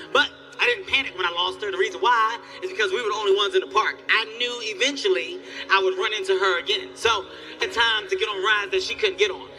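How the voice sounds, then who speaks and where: A man doing stand-up comedy, telling a profane story in an animated, exasperated way. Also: high-pitched. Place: live comedy venue. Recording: distant live stage recording with faint music.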